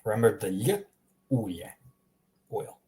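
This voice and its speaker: Man, language teacher, live online lesson, slow unhurried pace, patient, repeats each word. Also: lowish voice, sing-song, mellow. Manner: patient, repeats words slowly and answers chat viewers.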